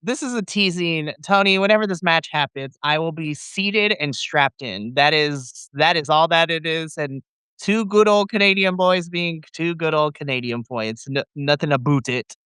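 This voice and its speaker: Male podcast co-host, animated and playful, slightly high pitch, bright and smooth, dry close sound. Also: normal speed, dry recording. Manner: animated and playful, acts out his reactions. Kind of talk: casual podcast chat.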